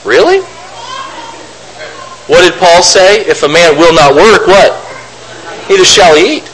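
High, bright-voiced male preacher. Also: moderate pace, slight background noise, low-quality recording. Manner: reads scripture aloud, then explains with rhetorical questions; mocks opponents' arguments in a raised voice. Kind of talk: sermon.

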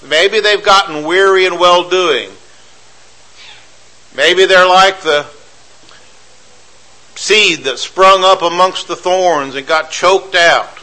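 A male preacher delivering a sermon in a bright, forceful voice pitched a little high. He drives his points home by repeating phrases and firing off rhetorical questions. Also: takes it slowly, pauses often, low-quality recording.

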